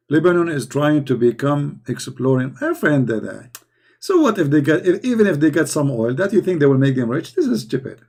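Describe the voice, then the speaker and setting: A man's voice: on the high side, sing-song, normal speed, a little mellow. A man hosting a live chat, talking in a sarcastic, mocking way with broken grammar. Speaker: chat show host. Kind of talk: casual live-chat monologue.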